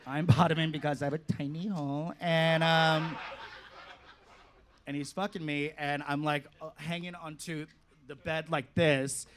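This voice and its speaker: A man doing a stand-up comedy set in a club, telling a story with animated delivery, acting out his own reactions and laughing through lines. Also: on the high side, unhurried, noisy background.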